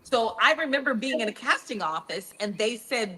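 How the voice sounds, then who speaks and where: A woman hosting a casual talk show and telling animated stories. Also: a little high, moderate pace, breathy edge, low-quality recording. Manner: chatty storyteller, animated anecdotes. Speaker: host. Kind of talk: casual chat.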